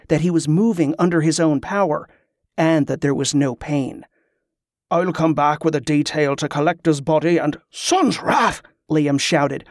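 Steady male fantasy narrator, dry sound. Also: on the high side, dry recording. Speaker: audiobook narrator.

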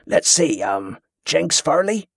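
A man voicing a gruff, boastful male ship's cook who gets impatient when interrupted. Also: on the high side, very animated, slow, fairly bright tone, no echo, clean studio sound, full character voice.

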